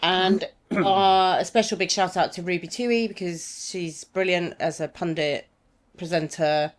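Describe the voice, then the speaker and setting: A woman with a fairly low voice chats casually as a podcast co-host. She tells stories in a lively, laughing way. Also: a little slow. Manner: chatty, laughing storyteller. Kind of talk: casual chat.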